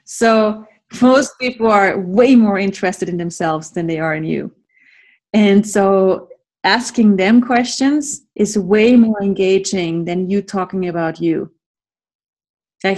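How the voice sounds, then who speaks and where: A woman's voice: medium pitch, measured pace, darkish tone. A middle-aged woman leading a workshop on a video call, talking playfully and laughing often. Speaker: workshop facilitator. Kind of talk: live online class talk.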